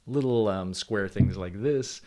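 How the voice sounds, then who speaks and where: Man, university lecturer, conversational, lowish voice, dry recording. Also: measured pace, darkish tone, no echo. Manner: conversational, acts out quoted people animatedly.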